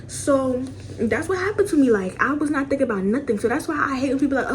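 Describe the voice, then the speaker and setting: Young woman vlogger, casual story time at home, animated and profane, slightly high voice, faint room hum. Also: quick pace. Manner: animated, profane, repeats phrases for emphasis. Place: home, indoors.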